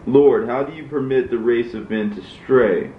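A man voicing a grieving male prophet who pleads with God, in a measured, solemn reading. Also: mid-range voice, slight background noise, close to an everyday voice. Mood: pleading. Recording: roomy, dull lo-fi recording.

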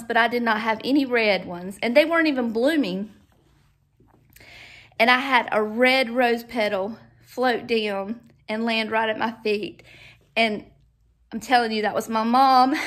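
A woman's voice: fairly high pitch, a bit bright. A woman chatting casually in a home vlog, sentimental and rambling, often trailing off and starting over. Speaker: home vlogger. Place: at home, indoors and out in the yard.

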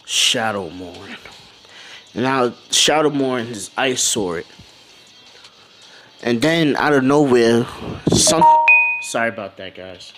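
A man telling a fan-fiction story in a loose, casual way, jumping around as he goes. His voice sits at a middle pitch and turns animated at the exciting parts. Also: takes it slowly, pauses often, music in the background. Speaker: channel host.

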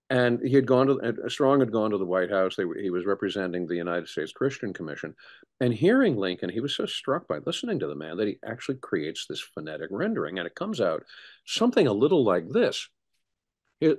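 A middle-aged man, a historian, speaking as an interview guest in an animated storytelling way with frequent restarts. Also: fairly low pitch. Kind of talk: conversational interview.

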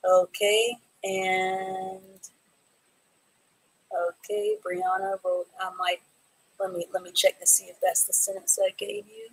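A woman teaching a live online reading class, reading students' sentences from the chat and praising them slowly and clearly. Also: medium pitch, flat delivery, low-quality recording. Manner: encouraging, slow and clear, praising students by name.

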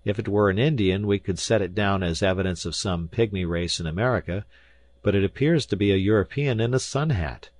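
A man's voice: lowish voice, brisk, a little mellow, no echo, close to an everyday voice. A man voicing a skeptical young journalist who argues earnestly and with disbelief. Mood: incredulous. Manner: earnest, incredulous.

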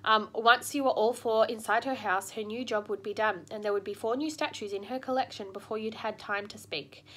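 A woman's voice: fairly high pitch, brisk, a bit bright. A woman voicing a practical, motherly female beaver in a storybook reading. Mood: urgent. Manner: practical and warning.

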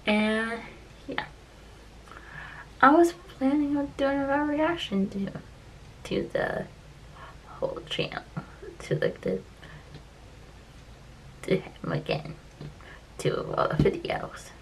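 A woman talking in a casual vlog, upset and close to tears, halting and repeating herself and often dropping into soft whispers. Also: high-pitched, lively intonation, a little hiss or hum, poor audio. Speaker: vlogger.

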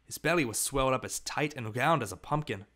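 A man narrating an audiobook in a steady, measured storytelling voice. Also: medium pitch. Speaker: audiobook reader.

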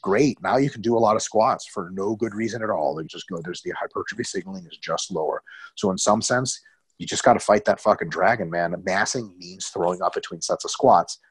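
Low husky man, lively and profane. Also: brisk, no echo, poor audio. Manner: profane, joking, animated storytelling. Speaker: co-host. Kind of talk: casual webinar chat. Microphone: video call.

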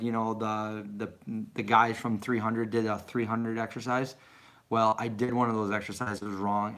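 A man's voice: on the low side, fairly bright tone. A middle-aged man rambling casually as he answers viewer questions on a live stream. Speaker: vlogger answering live chat.

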